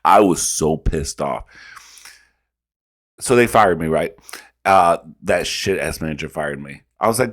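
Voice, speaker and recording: Man, very low voice, profane, animated reaction-video storyteller. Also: a little slow, long pauses. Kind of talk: casual reaction commentary.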